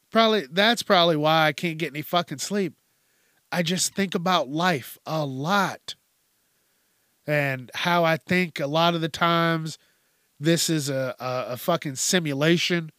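Slow, blunt, profane man talking. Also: on the high side, fairly bright tone, smooth, no room sound, clean studio sound. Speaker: podcast host. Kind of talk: casual monologue.

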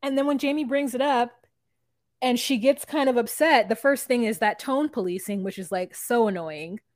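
A woman co-hosting a casual podcast about a reality TV show, animated and swearing, often acting out what people said. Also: a little high, normal speed, no echo, studio quality. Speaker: podcast co-host. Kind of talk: casual reality TV recap chat.

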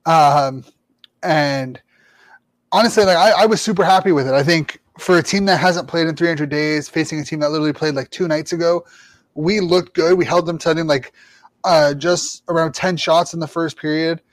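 A man's voice: on the high side, normal speed, no room sound. A man hosting a hockey podcast, opening the show and chatting casually about last night's game. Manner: upbeat, relaxed, reads sponsor plug. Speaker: podcast host. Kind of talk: casual sports podcast chat.

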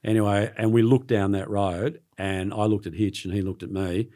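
A middle-aged Australian man, a sports journalist being interviewed, telling stories in an earnest, halting way and often repeating words. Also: fairly low pitch, steady tone, mellow. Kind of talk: casual interview storytelling.

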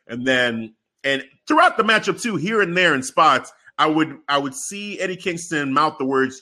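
A man co-hosting a podcast, telling stories in a loose, slangy, animated way. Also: a little high, normal speed, few pauses. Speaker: podcast co-host. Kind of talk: casual chat.

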